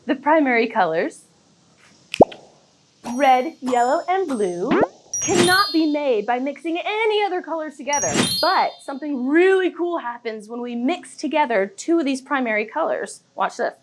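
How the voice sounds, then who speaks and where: Bubbly high-voiced young woman host. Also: animated, normal speed. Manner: bubbly, playful, exaggerated. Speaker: children's show host. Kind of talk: kids' educational lesson. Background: background music.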